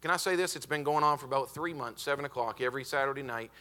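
A man preaching a revival sermon as a visiting preacher, emphatic and stretching out key words, building up to shouted peaks in a church auditorium. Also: medium pitch. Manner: emphatic, building to shouted climaxes with drawn-out stresses; often says "hey, listen" to the congregation.

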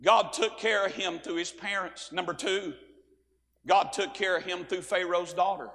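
A man preaches a sermon in a very high voice, folksy and direct. He moves from quiet asides to shouting, and every line rings on in a long church reverb. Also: fairly even intonation, moderate pace. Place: church sanctuary.

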